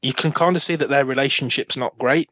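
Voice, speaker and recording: Eager British man, mid-pitched voice. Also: fairly even intonation, fairly quick, sharp tone, dry recording. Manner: eager, asks questions, shares geeky detail. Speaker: podcast guest. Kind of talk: casual chat about TV dramas.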